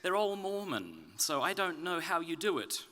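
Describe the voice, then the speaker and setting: Bright-voiced Australian man giving a talk. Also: fairly high pitch, very animated, moderate pace, slight background noise. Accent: Australian, softened toward British. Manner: wry, self-deprecating humor. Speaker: conference speaker. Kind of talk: public talk. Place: conference stage.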